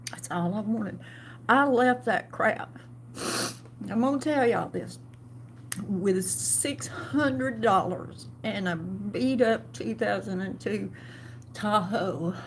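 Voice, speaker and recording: A middle-aged woman tells her story in an emotional personal vlog, halting and restarting often. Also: medium pitch, slight background noise. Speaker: vlogger.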